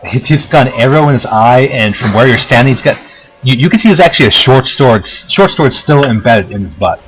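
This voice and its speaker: A man as game master, explaining rules in a relaxed way with many fillers. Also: medium pitch, brisk, faint music behind, low-quality recording. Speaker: dungeon master. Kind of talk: running a tabletop game.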